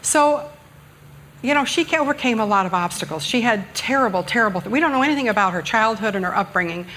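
A middle-aged woman gives a church sermon in a chatty, joking way. Her voice sits a little high, and she pokes fun at herself as she talks to the congregation from the sanctuary. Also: lively intonation, fast talker, a bit bright, a little hiss or hum. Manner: humorous, self-deprecating, chatty with the congregation. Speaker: guest speaker preaching at church. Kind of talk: conversational sermon.

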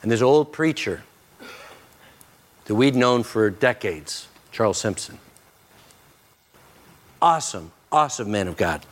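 Middle-aged male pastor preaching earnestly, leaning soft and slow on key lines. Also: lowish voice, expressive. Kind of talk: sermon.

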